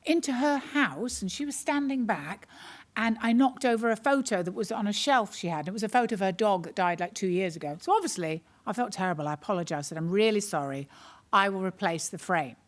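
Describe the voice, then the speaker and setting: A woman comedian hosting an online awards ceremony, telling self-mocking stories with dry humour before reading out nominees. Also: medium pitch. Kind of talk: stand-up anecdote and award hosting.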